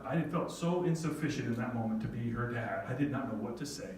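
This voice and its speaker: A man's voice: medium pitch, quick pace, few pauses, a little mellow, recorded from a distance, slight background noise. Middle-aged man telling a story in an echoey hall. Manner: heartfelt, self-deprecating, quoting his daughter. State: near tears at moments. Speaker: speaker telling a family story to an audience. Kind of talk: storytelling talk.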